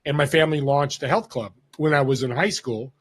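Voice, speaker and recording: Husky-voiced man telling a story. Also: medium pitch, fairly quick. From Northern California. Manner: animated storyteller who acts out quoted voices. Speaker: podcast guest. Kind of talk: casual storytelling interview.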